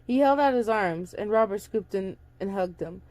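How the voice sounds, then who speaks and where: A woman's voice: medium pitch, lively intonation, moderate pace, a little mellow. A young woman casually reading a story aloud, stumbling and restarting and breaking off for chatty asides. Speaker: audiobook reader. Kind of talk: casual book reading with commentary.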